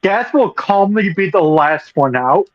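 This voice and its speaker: A man's voice: high voice, lively intonation, unhurried, a little hiss or hum. A man playing a tabletop game, casually explaining what his character does. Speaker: player. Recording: dull dry lo-fi mic.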